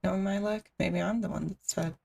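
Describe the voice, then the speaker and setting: A woman's voice: fairly low pitch, steady tone, fairly quick, gravelly, darkish tone, recorded from a distance, slight background noise. A woman streamer reading a visual novel aloud, with casual asides between the narration.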